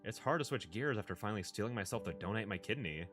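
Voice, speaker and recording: A man's voice: lowish voice, animated, fast talker, fairly bright tone, faint music behind. A man reading a story aloud, voicing a young adult sister who speaks hesitantly and emotionally. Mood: confused. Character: young adult woman, anxious, tearful sister.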